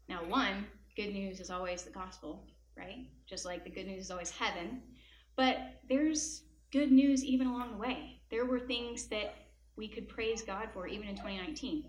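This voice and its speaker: A woman gives a Christian devotional talk, moving between teaching and personal stories in an earnest, animated way. Her voice sits a little higher than most. The room is echoey, with a faint hum of ambience. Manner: earnest, animated storytelling with asides. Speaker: speaker at a Christian event.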